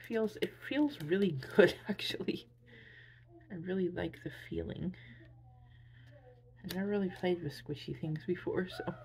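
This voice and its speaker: Tired, gravelly-voiced woman gushing over gifts. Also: on the low side, slight background noise. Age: adult with a son. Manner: gushing, excitable squeals over cute items. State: tired, drained. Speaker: vlogger. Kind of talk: casual unboxing chat.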